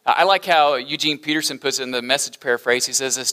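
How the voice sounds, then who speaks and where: A middle-aged man preaching a sermon as pastor, animated and humorous, breaking into laughter during his asides. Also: medium pitch, fast, few pauses.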